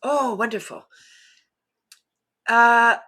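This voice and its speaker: Lively, laughing woman guest. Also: drawn-out words. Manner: enthusiastic, laughs often while talking; animated storyteller, bursts higher and louder when excited. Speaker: guest, laughter yoga teacher. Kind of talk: casual interview conversation.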